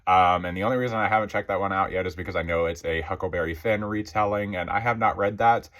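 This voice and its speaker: Man, very low voice, short of breath, casual book review, rambling with fillers. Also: fast talker, fairly bright tone. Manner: rambling, filler-heavy, many "like" and "um". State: out of breath, recovering from illness.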